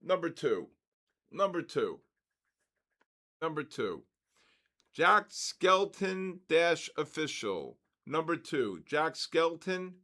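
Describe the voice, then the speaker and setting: A man with a fairly high voice hosts a live online session, drawing giveaway numbers out loud. He talks in an unhurried way and bursts into excited exclamations. His chat is loose and casual, full of shout-outs. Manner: excitable, calls out numbers and names, exclaims loudly. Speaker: livestream host running a giveaway.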